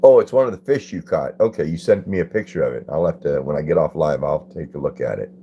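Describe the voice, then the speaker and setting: Man, deep and mellow, easygoing host reading viewer comments on a phone stream. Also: animated, quick pace, lo-fi sound, a little hiss or hum. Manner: laid-back, greets chatters by name and reads comments aloud. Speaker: livestream host. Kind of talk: casual livestream chat with viewers.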